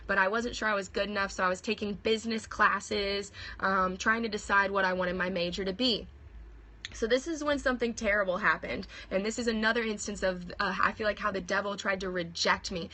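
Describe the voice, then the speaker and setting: A woman's voice: mid-range voice, pushed and bright. A young woman giving an earnest personal testimony over a phone livestream, talking in a conversational way with fillers and restarts.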